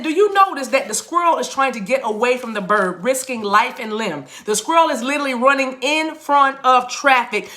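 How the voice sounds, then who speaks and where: A middle-aged woman talks loosely to her livestream chat as a spiritual reader. Her voice sits high and sounds bright and forceful. She laughs often and slips into chanted, tongue-like phrases. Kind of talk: casual livestream talk to chat viewers.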